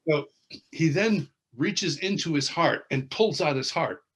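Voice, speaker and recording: A man's voice: on the high side, measured pace, slightly rough. A man telling a story as an interview guest, acting out the people in it and laughing as he goes. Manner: expressive, acts out the people in his story. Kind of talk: animated storytelling.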